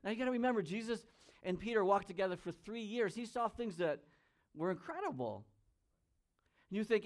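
A man preaching a sermon. He reads scripture aloud, comments on it, and swings between loud emphasis and quiet asides. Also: high-pitched, lively intonation, moderate pace, long pauses. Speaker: pastor.

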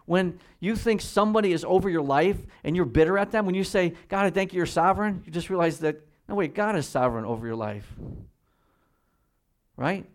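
Guy preaching a sermon, slows way down for scripture, then gets loud and high when he pushes a point. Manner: swings from slow, quiet emphasis to loud, raised-pitch exhortation; reads scripture slowly and deliberately. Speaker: pastor.

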